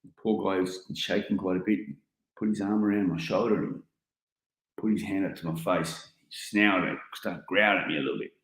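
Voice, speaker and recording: An Australian man in his forties giving a keynote talk, telling an animated story full of casual slang. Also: low voice, a little fast. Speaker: keynote speaker. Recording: roomy echoing hall.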